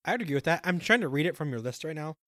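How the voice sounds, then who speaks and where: A young man co-hosting a casual chat show, calmly and matter-of-factly explaining his food opinions. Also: fairly high pitch, very fast, no room sound, studio quality. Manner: calm, matter-of-fact reasoning. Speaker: podcast co-host.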